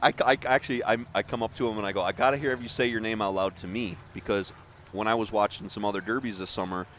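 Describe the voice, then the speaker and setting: A man's voice: on the low side, steady tone, quick pace, a bit bright, a little hiss or hum. A man announcing a demolition derby live, calling drivers and chatting with jokes and laughter. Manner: chatty, joking, laughs often. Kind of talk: live play-by-play commentary.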